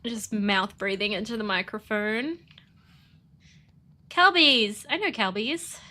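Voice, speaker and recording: Bright-voiced, sniffly woman streamer. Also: medium pitch, slow. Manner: chatty, bubbly, talks to chat. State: stuffy nose, sniffling. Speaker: game streamer. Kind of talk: casual live-stream chat.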